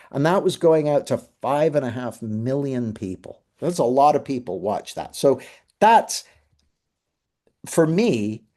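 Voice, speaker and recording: A middle-aged man with a medium-pitched, warm voice hosts a live masterclass over a video call. It's a webinar talk where he tells stories conversationally and acts out what people said.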